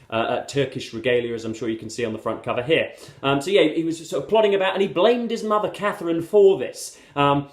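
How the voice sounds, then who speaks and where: A man reviewing books to camera in a casual, rambling way, full of hesitations and fillers yet using erudite vocabulary and wry asides to his viewers. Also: mid-range voice. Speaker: book reviewer. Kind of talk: casual book commentary to camera. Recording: roomy echo.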